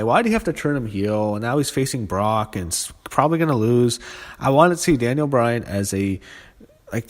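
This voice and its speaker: A man reviewing a wrestling show in a casual, unscripted way, ranting angrily and with lots of swearing, often stumbling over fillers and restarts. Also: mid-range voice. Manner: angry profane ranting; halting, full of fillers and restarts. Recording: long reverb.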